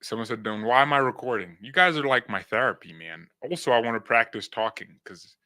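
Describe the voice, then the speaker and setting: A man's voice: mid-range voice, brisk, pushed and bright. A young man hosting a fan channel, chatting casually with viewers, rambling and restarting his words while talking through recent dental work. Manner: rambling, repeats words and restarts, laughs at himself.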